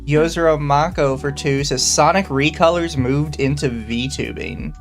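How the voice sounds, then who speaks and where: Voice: medium pitch, measured pace. A podcast host chatting casually and reading out chat messages, blunt, swearing and dry. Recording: soft background music under the talk.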